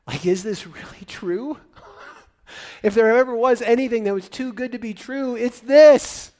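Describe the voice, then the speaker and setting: Animated high-voiced male preacher. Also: measured pace. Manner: animated, swings from loud excitement to hushed and choked-up. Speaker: pastor. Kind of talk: sermon.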